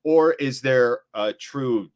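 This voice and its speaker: An American man hosts a live football watchalong, reading chat and calling the play. He talks in a jokey, animated way with quick bursts of play-by-play. His pitch sits in the ordinary male middle. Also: clean tone. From United States. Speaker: watchalong host.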